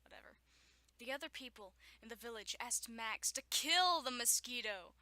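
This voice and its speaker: A woman's voice: fairly high pitch, lively intonation, moderate pace, pushed and bright, dry recording. A young woman at home reading a children's story aloud, often stopping to joke, laugh and make sarcastic asides. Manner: frequent laughter and stumbles. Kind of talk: reading aloud with running commentary.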